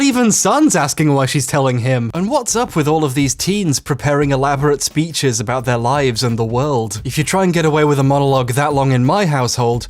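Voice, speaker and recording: A young man delivering a scripted video essay in a sarcastic, exasperated and profane way. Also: fairly high pitch.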